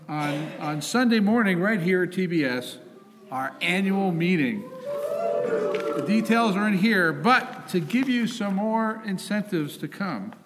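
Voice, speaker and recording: A man's voice: a little high, a little hiss or hum. Joking man giving temple announcements. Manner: joking, upbeat. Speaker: temple president. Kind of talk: announcements at a service. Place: synagogue sanctuary. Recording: long hall reverb.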